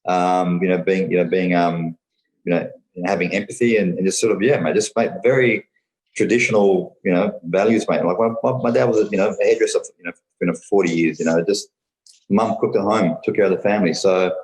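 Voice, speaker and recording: Fast-talking Australian man, low voice. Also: steady tone, darkish tone, roomy sound, rough recording. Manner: rambling, full of fillers and "mate". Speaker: podcast guest, business owner. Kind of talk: casual interview chat.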